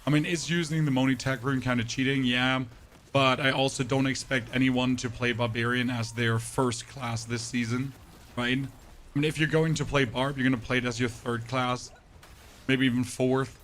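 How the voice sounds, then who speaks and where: A man chatting through gameplay in a loose, candid way, blunt with his opinions and tripping over restarts as he thinks aloud. His pitch sits in an ordinary middle range. A faint hiss runs under the recording. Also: fairly even intonation, moderate pace, a bit bright. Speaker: gaming streamer. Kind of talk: casual gameplay commentary.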